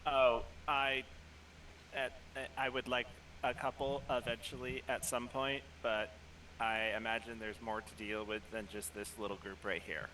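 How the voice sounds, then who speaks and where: Bright-voiced laid-back game player. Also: male voice, medium pitch, level tone, a little slow, slight background noise. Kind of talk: tabletop game play.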